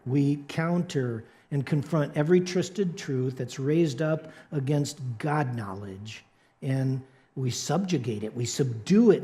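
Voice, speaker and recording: A man preaching to his congregation in a relaxed, conversational way. He talks slowly and deliberately, repeating key phrases and checking in with the room. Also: fairly high pitch. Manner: conversational, repeats catchphrases, asks the congregation "right?". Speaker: pastor. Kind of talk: sermon.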